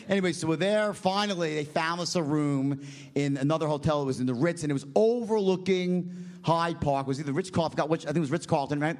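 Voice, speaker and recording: A man's voice: a little high, fast talker. Brash profane American man telling a story. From United States. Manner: brash, profane, punctuates with "right?" and "okay?". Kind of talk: animated storytelling.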